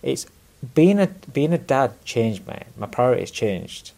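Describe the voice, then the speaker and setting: Gravelly-voiced man talking candidly. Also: mid-range voice, big pitch swings, unhurried, mellow. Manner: earnest, repeats words, blunt swearing. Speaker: podcast guest, former boxer. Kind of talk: candid conversational chat.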